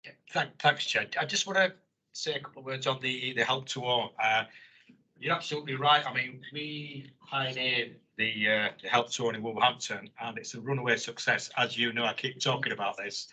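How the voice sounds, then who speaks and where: Board member, man, husky, bright voice, keen. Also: mid-range voice, a little fast, low-quality recording. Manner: enthusiastic, informal. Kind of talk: meeting remarks.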